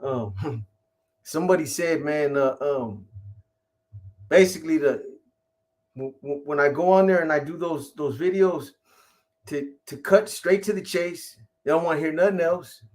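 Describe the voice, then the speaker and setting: A man's voice: a little high, a little slow, pauses often, darkish tone. A middle-aged man hosting a casual live stream, rambling and profane, greeting viewers by name in street slang. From California.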